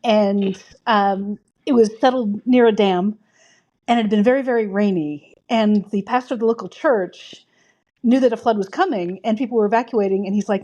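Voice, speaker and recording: A woman's voice: mid-range voice, moderate pace, dark tone, lo-fi sound. A woman co-hosting a casual film chat, telling a long joke and acting out the voices. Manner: storytelling, acts out quoted voices. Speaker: podcast co-host.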